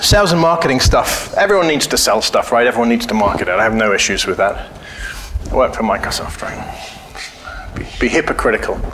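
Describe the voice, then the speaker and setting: A man's voice: medium pitch, a little fast, a bit bright, slight background noise. Blunt, joking man giving a talk. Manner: informal, joking, blunt and profane. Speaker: conference speaker. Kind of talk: casual conference talk. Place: conference hall. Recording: echoey hall with faint ambience.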